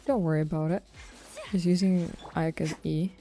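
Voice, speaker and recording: A woman's voice: fairly low pitch, steady tone, moderate pace, mellow. A woman streamer talking casually while she plays, thinking aloud and swearing offhand. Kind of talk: live-stream gameplay commentary.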